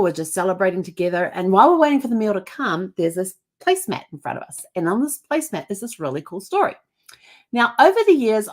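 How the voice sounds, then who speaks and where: A middle-aged woman telling a personal story on her vlog, chatty and rambling, with frequent restarts. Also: low-pitched. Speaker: family history vlogger.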